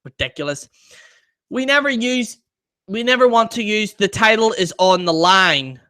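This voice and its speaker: A man with a high-pitched voice hosts a live stream, ranting in exasperated disbelief. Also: animated, moderate pace, pushed and bright, clean tone. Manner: exasperated and incredulous.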